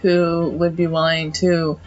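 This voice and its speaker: A man's voice: fairly high pitch, monotone, slow pace, muffled recording, soft background music. A man co-hosting a podcast, chatting casually in a giggly, rambling, profane way. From United States. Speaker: podcast co-host. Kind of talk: casual chat.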